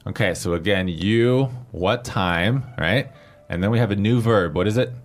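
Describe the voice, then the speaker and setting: A man's voice: on the low side, normal speed. A man hosting a language lesson who patiently explains grammar and spells out pinyin letter by letter.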